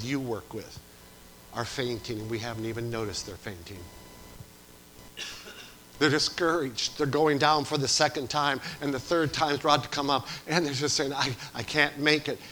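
A man preaching a sermon as pastor, swinging from loud to hushed. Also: medium pitch, slight background noise, poor audio.

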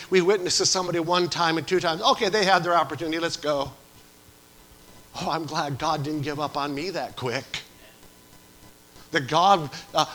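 A man preaching a sermon as pastor, swinging from loud to hushed. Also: on the high side, poor audio.

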